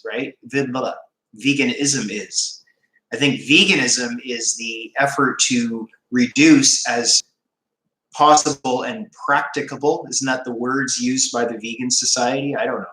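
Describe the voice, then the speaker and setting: A man's voice: medium pitch, sharp tone, roomy sound, poor audio. A man with a Canadian accent hosting a casual livestream, rambling and joking as he reads out viewer comments. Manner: chatty, rambling, jokey, laughs often. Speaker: YouTube channel host on a live stream.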